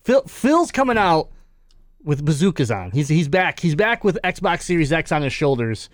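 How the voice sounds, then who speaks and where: A man's voice: on the high side, sing-song, moderate pace, no room sound, clean studio sound. Laughing, joking male podcast host. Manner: laughing, loose and joking, reads quotes aloud. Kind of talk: casual podcast banter.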